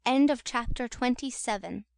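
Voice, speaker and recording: Clear-voiced woman reading an audiobook. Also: fairly high pitch, moderate pace, no echo, studio quality. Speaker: audiobook narrator. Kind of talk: scripted narration.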